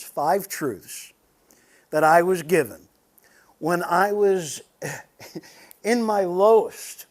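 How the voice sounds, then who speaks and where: A man giving a conversational sermon to a men's group, earnest and personal, speaking straight to the people in the room. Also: high voice. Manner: earnest, personal, addresses the audience directly. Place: meeting room with a live audience.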